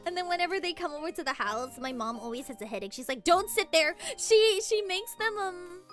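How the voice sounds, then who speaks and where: A young woman streaming, chatting casually with giggly, animated storytelling. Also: extremely high pitch, fairly quick, soft background music. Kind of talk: casual chat.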